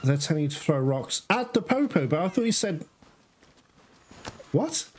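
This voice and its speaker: A man's voice: on the high side, big pitch swings, fairly quick. A man giving casual, chatty commentary on his own gameplay, talking straight to viewers and swearing now and then. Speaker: gamer playing through a game.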